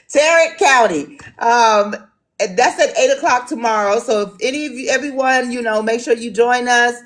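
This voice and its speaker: A woman's voice: fairly high pitch, moderate pace. A woman from Washington, D.C. moderating an online town hall, talking casually with lots of ums and restarts.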